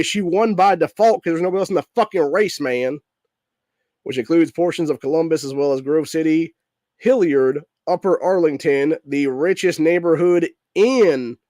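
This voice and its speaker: A man with a fairly high, warm voice is recorded in a clean studio without any room sound. Sick and with a messed-up voice, he hosts a political podcast, launching into a heated, angry rant full of constant swearing, with "dude" closing nearly every line.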